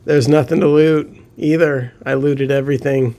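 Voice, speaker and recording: A man giving casual gameplay commentary, excitable, often laughing and swearing when he gets frustrated. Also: medium pitch, moderate pace. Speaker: gaming commentator.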